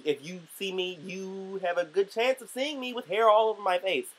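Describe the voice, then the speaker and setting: A man chatting casually to camera about celebrity news, sassy and playful, with sudden high squeals when he exclaims. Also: normal speed, fairly bright tone, slightly rough. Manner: chatty and playful, talks straight to the viewer. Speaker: vlogger.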